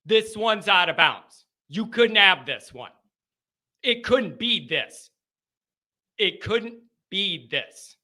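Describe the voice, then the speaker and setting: A man's voice: sits high, expressive, takes it slowly, long pauses. A man hosting a post-game football call-in show, ranting and repeating himself with worked-up intensity. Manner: worked-up, yelling, repetitive ranting.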